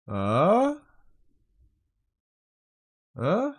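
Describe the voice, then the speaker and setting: A man's voice: high voice, wildly swooping pitch, drawn-out words. A man live streaming, frustrated as he fixes his setup, swearing and muttering to himself.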